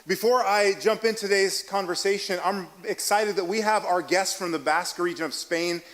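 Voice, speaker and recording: A man's voice: high voice, moderate pace, fairly bright tone, rough recording. A middle-aged male pastor giving a conversational sermon, telling a story in a chatty, self-deprecating way with lots of restarts and acted-out dialogue. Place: church sanctuary.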